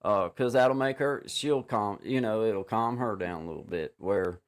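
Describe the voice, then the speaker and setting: A man hosting a casual livestream chat over a video call, rambling with many restarts and fillers and giving warm shout-outs to viewers. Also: fairly low pitch, normal speed. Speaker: livestream host.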